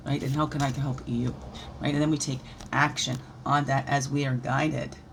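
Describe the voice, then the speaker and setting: A woman leading a daily spiritual reflection while pulling oracle cards, animated and encouraging, with playful asides. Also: a bass voice, normal speed, creaky, slight background noise. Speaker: spiritual guide.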